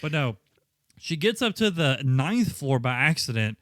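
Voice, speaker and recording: A man's voice: fairly high pitch, a little slow, no echo, studio quality. A man co-hosting a podcast, casually recapping movie plot points with plenty of swearing. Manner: relaxed, profane, plot-recapping. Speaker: podcast co-host. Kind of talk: casual movie-review chat.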